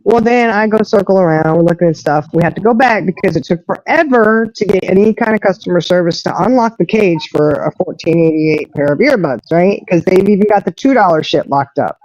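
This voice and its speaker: A woman hosts a live stream, telling an animated story and slipping into the voices of the people in it. Her voice comes through muffled and lo-fi. The audio is dry, with no room sound. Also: lowish voice, brisk, hardly any pauses, dry recording. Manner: animated storyteller who acts out others' lines. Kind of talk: casual storytelling chat.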